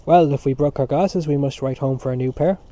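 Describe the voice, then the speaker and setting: A man voicing a kindly older priest who heads a school, speaking gently and reassuringly. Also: medium pitch, a little fast, lightly acted. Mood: gentle. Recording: dull lo-fi recording.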